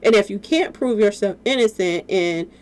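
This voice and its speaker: A woman's voice: medium pitch, moderate pace, a little mellow. A woman giving casual spoken commentary to her viewers, talking straight at them with lots of rhetorical questions. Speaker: commentary vlogger.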